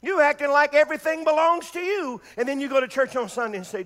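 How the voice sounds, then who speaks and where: A middle-aged man, a pastor preaching a sermon to a congregation, repeating phrases and shouting the climaxes. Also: extremely high pitch, fast, long reverb tail. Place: church before a congregation.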